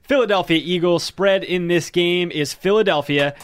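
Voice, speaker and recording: A man's voice: high voice, normal speed, clear, resonant tone. Matter-of-fact male host. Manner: reads game lines matter-of-factly. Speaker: podcast host. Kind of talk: casual sports betting chat.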